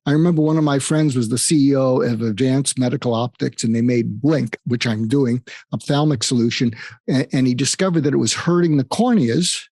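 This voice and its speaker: A man's voice: mid-range voice, brisk, darkish tone, no room sound, studio quality. An older man speaking as a psychiatrist guest in an interview, earnest and emphatic, telling stories and repeating phrases for weight. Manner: earnest, storytelling, emphatic with repetition. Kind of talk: conversational interview advice.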